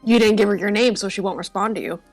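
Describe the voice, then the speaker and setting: A woman's voice: medium pitch, fast talker, darkish tone, no echo, soft background music. A woman playing a tabletop game who explains things in a breezy way. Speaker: player. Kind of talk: tabletop game play, casual chat.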